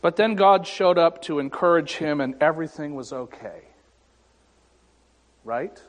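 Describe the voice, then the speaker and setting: A male pastor delivers a sermon in a church sanctuary, his fairly high voice unhurried and full of deliberate pauses. His words ring with a long reverb from the hall around him. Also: lively intonation. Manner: dramatic pauses, voices scripture and God with rising emphasis.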